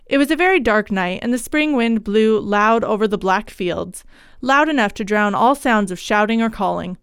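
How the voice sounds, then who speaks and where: A woman narrating a period ghost story in a measured storytelling voice, on a close mic. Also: a little high, clear, resonant tone, dry recording. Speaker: audiobook narrator.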